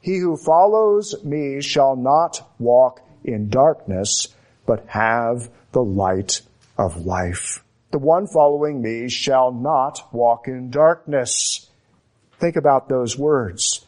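A man delivering a sermon at an unhurried, deliberate pace. His voice sits at an ordinary pitch for a man. He leans on repetition and long pauses to stress each phrase. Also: animated, darkish tone. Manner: slow, emphatic, repeating phrases with dramatic pauses. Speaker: preacher.

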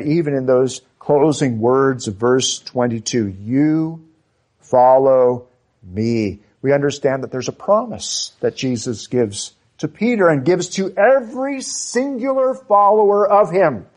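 Earnest man preaching, slow and fairly high. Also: animated. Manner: earnest, emphatic, with dramatic pauses and slowing on key words; occasional fillers and restarts. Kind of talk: sermon.

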